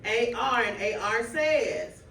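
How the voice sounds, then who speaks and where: A woman student teacher running a phonics drill with a class, calling out words slowly and clearly. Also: a little high, expressive, a bit bright, slight background noise. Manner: stretches out target words clearly. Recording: echoey room, mic far off.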